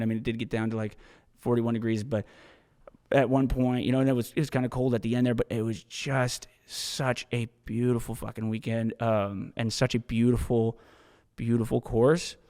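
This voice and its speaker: A man's voice: mid-range voice, a little mellow. Rambling casual man, reverberant room. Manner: casual, rambling, swears freely. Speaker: podcast host. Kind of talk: solo podcast monologue.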